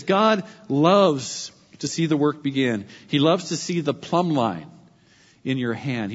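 A man preaching a sermon as pastor, emphatic and repeating his key phrases slowly. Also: mid-range voice, big-room sound, muffled recording.

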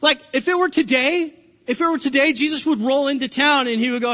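A man preaching a sermon, animated in his storytelling and acting out the quotes. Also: very high-pitched, a little fast. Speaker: pastor. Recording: dull lo-fi sound with long reverb.

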